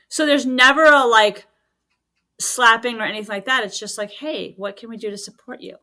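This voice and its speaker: A woman's voice: fairly high pitch, normal speed, pushed and bright. A middle-aged woman talking as a podcast guest, a medium and healer who chats casually and acts out quoted dialogue as she tells stories.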